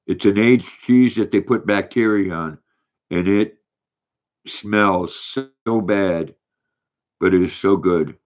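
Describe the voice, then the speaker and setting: An older man hosts a casual livestream, rambling from one thought to the next. His voice sits low and a little dull, as if through a lo-fi mic. He halts and restarts often while reading comments aloud. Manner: rambling, halting, reads viewer comments aloud. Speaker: livestream host reading chat.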